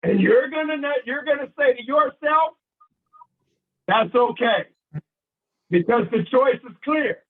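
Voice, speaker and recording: A man's voice: very high voice, expressive, unhurried, pauses often. A man giving a playful motivational talk to a sales team, acting out little scenes as he goes. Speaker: motivational speaker. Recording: tinny phone-like sound.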